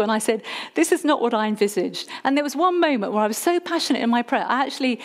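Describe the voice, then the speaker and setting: A woman telling a lively personal testimony story, self-mocking and acting out her own past pleas. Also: on the high side, fast talker, hardly any pauses.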